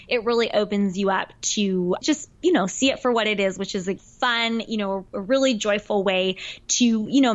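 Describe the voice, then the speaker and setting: A Californian woman with a slight Southern twang, guesting on a podcast and talking in a relaxed, encouraging way full of "you know". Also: on the high side, dull audio. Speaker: podcast guest, brand designer. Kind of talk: casual podcast interview.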